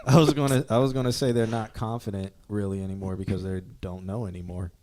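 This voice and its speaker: A man's voice: fairly low pitch, level tone, fast talker, a little mellow. A man hosting a music review stream, chatting casually in a laid-back, joking way. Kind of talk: casual chat.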